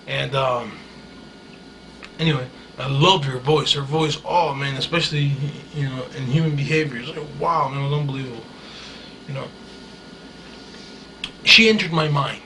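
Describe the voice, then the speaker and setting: A man's voice: mid-range voice, pushed and bright, slight background noise, rough recording. A man recording a rambling monologue diary, hesitant and full of fillers and restarts, sounding dreamy and awed.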